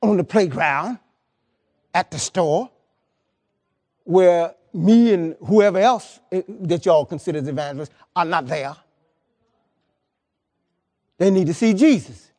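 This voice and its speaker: A man's voice: high voice, animated, slow pace, pauses often, a little mellow. A man preaching a sermon as pastor, emphatic and colloquial, repeating words and pressing his points to the congregation. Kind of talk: lively sermon.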